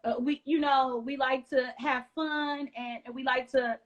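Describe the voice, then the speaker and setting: A woman from the United States, an interview guest, telling her story in an animated way and acting out what others said. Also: high-pitched, a little slow, muffled recording. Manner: lively retelling with acted-out quotes.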